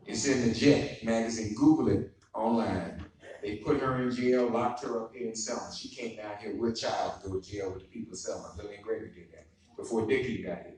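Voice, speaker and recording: A man's voice: lowish voice, fairly quick, a little mellow. A man moderating a public conversation, telling stories in a folksy, joking way and speaking straight to the audience. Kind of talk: storytelling and introducing a guest. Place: courthouse event hall. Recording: echoey hall, far from the mic, noisy.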